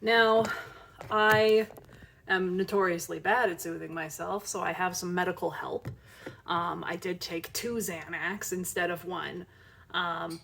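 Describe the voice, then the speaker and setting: A young woman speaks candidly to her camera at home in a confessional vlog. Her voice sits low with a gravelly fry, and her speech is halting, with restarts and moments of tearful breathlessness. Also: fairly bright tone. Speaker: vlogger. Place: home, kitchen and living room.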